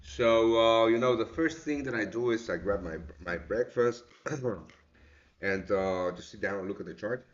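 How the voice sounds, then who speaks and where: A man's voice: lowish voice, moderate pace, lo-fi sound. A man hosting a live trading show, giving casual, rambling market commentary, swearing now and then and calling his viewers mate. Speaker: forex trading show host.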